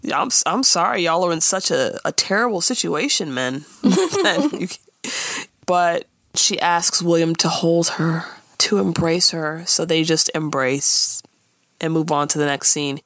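Animated woman recapping a show. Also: fairly low pitch, measured pace, no echo, studio quality. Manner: laughing, acting out characters' lines. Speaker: podcast co-host recapping a TV episode. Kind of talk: casual chat.

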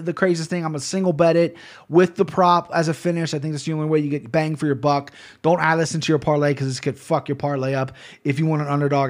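A man from Ohio hosting a betting podcast, talking casually, rambling, swearing and often correcting himself. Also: a little high. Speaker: podcast host picking fight bets.

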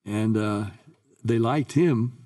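Older male guest raconteur, lowish mellow voice, a bit off-mic. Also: takes it slowly, recorded from a distance. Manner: lively recounting, acts out quoted voices. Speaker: guest singer. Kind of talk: anecdotal interview storytelling.

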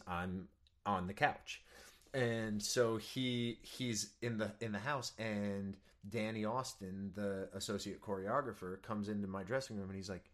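A young man, a stage actor, chatting as a guest in an eager, earnest way, with lots of fillers and restarts. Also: fairly low pitch. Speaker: musical theater actor, guest. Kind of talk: casual interview chat.

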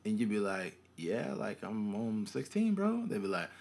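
A young man co-hosting a podcast chats casually in a fairly low voice at normal speed. He's an animated storyteller who acts out the people and quotes in his anecdotes.

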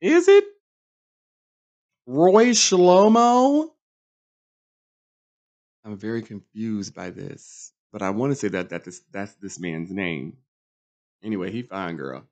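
A young adult man hosting a reality TV recap, talking in a sassy, campy, animated way with big swings in pitch. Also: normal speed, gravelly, dull audio. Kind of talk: casual recap monologue.

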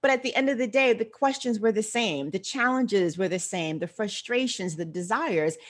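An older woman, a financial behaviorist, telling her story as a guest in an interview in a measured, articulate way. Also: mid-range voice. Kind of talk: interview answers.

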